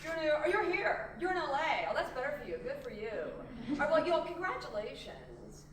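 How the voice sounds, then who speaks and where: A woman's voice: sits high, big pitch swings, fairly quick, far from the mic, background noise. A woman performing a gushing, self-absorbed fashion-industry woman in a solo stage comedy, rambling and giggling breathlessly. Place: theatre stage. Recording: echoey theatre, recorded from afar.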